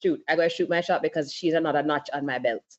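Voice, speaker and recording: A woman's voice: low voice, fast talker. A woman co-hosting a casual podcast panel chat, telling stories candidly and laughing often. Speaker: podcast co-host. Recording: slightly dull lo-fi sound.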